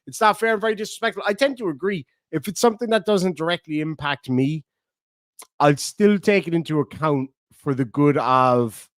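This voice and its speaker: An Irish man chats on a live stream and reads donation messages aloud, cursing freely and laughing between lines. His voice sits high and swoops up and down with lots of life. The sound is dry and close, with no room echo. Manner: swearing, bantering, laughing often. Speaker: livestreamer reading donations. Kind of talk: casual livestream chat.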